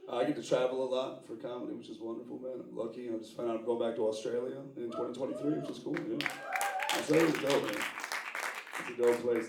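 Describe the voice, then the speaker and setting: A man from the United States doing a live stand-up comedy set, talking loosely and profanely with quick asides to the audience. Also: mid-range voice, noisy background. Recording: roomy stage sound, distant mic, audience laughing.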